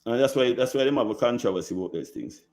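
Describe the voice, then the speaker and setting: Defensive guest, fast talker. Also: male voice, mid-range voice, expressive, darkish tone. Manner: defensive, repeats himself emphatically. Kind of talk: heated call-in debate.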